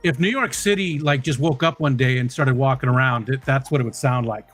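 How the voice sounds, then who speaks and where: Man, casual stream host, joking, mid pitch, soft music underneath. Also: brisk. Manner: jokey, laughs often. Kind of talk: casual group chat.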